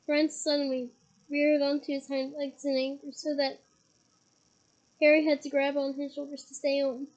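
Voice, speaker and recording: Young woman with a head cold reading a novel aloud, high, mellow voice, dramatic storytelling. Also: little pitch movement, moderate pace, poor audio. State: head cold, occasional coughing. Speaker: reader.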